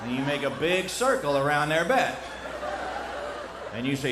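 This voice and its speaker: A middle-aged man with a West Virginian accent telling a comic tall tale on stage in a folksy, animated way. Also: moderate pace. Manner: animated, folksy, with big jumps in pitch and loudness. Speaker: storyteller. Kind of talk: comedic storytelling on stage. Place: stage in a small lounge. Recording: echoey live room with faint noise.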